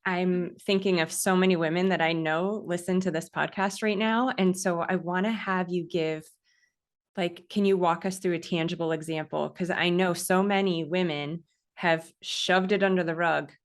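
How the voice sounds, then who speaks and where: A woman hosting a podcast asks encouraging questions to draw out her guest. Her voice sits a little low. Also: fairly even intonation, normal speed. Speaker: podcast host. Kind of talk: podcast interview.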